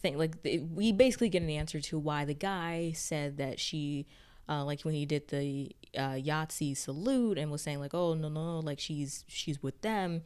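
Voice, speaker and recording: A woman with a notably low-pitched voice recaps a TV episode in an unhurried, conversational way. She rambles, restarts her sentences and peppers almost every phrase with "like". It sounds like an easygoing solo vlog monologue. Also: darkish tone, clean tone. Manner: chatty, heavy use of "like", rambling restarts. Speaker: TV recap reviewer. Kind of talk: casual spoken recap.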